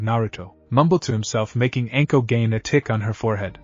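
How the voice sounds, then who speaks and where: Guy reading a story in an even voice, kinda muffled, soft music underneath. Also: mid-range voice, fast, hardly any pauses. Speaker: narrator. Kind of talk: scripted fan-fiction narration.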